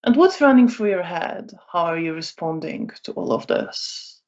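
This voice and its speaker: Woman, tabletop game storyteller, unhurried narration, frequent fillers, low voice, dull lo-fi audio. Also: expressive, darkish tone.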